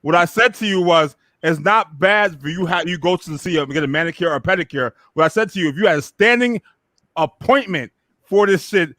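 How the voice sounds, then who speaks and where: A man's voice: sits high, expressive, fairly quick, bright, forceful tone, dry recording, studio quality. A man co-hosting a casual group podcast chat, profane and emphatic, repeating himself and talking over the others. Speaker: podcast co-host.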